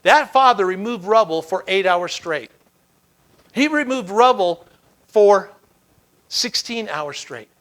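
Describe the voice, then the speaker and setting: Bright, high-voiced male keynote speaker. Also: animated, slow, long pauses. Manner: dramatic storytelling with emphatic repetition; swings between loud emphasis and hushed low lines. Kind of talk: motivational keynote speech.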